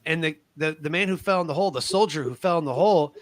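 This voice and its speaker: A man's voice: fairly high pitch, quick pace. A middle-aged man, a military veteran, telling personal stories in an interview, acting out the voices of the people in his anecdotes. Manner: animated storyteller who acts out the voices in his anecdotes. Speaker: veteran guest.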